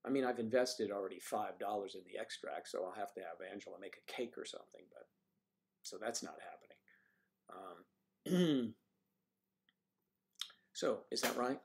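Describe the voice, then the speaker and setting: A man's voice: on the low side, moderate pace, gravelly, long pauses. A man hosting a casual livestream, musing aloud and joking as he reads out viewer comments. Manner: rambling, joking. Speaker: livestream host.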